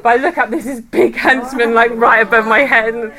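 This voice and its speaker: A woman giving a devotional talk to a women's group, chatty and quick to laugh as she tells personal stories. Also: on the high side, fairly even intonation, crowd noise. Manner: chatty, laughs often while telling stories. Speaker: women's ministry speaker. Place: room with a gathered group.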